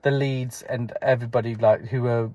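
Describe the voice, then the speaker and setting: A man's voice: mid-range voice, little pitch movement, moderate pace, dark tone. A young man co-hosting a casual podcast from a car, laughing often and talking in eager bursts. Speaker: podcast co-host. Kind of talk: casual chat. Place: inside a parked car.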